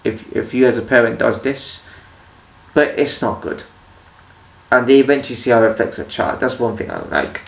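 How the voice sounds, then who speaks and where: A male vlogger rants casually to camera about people who annoy him, rambling and restarting often. His voice is medium-pitched and creaky, at a moderate pace. He sits a bit off-mic in an echoey room.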